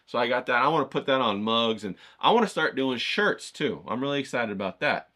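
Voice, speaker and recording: A man who teaches a casual video lesson, loud and profane, with lots of "okay?" and "bro", and he keeps going off on tangents. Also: mid-range voice, lively intonation, brisk. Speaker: art course instructor.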